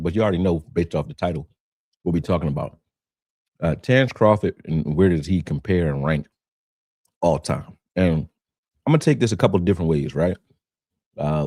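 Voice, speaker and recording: Deep-voiced male boxing coach hosting. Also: darkish tone, husky, dry recording, clean studio sound. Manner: conversational, greets viewers, repeats words while gathering thoughts. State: slight throat irritation. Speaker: boxing coach and show host. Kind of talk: casual livestream commentary.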